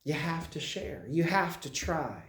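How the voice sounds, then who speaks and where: A man's voice: on the high side, big pitch swings, a bit bright, echoey room. A man serving as a hospital chaplain, giving an informal, conversational message to a congregation, with frequent restarts and repeated phrases. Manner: halting, conversational storytelling with frequent restarts and repetitions. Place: meetinghouse worship room.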